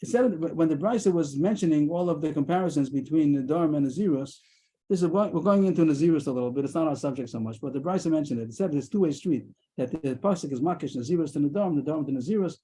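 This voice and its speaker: Fast-talking man teaching a Talmud class. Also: fairly high pitch, dark tone, husky, low-quality recording. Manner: rapid explaining, mixing in Aramaic terms. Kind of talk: daily Talmud class explanation. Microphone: video call.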